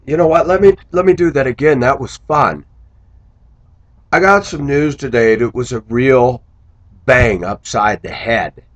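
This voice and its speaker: A man's voice: mid-range voice, unhurried, pauses often, a bit bright, low-quality recording. A man talking to his viewers in a casual vlog monologue, musing aloud and breaking into exclamations. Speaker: vlogger.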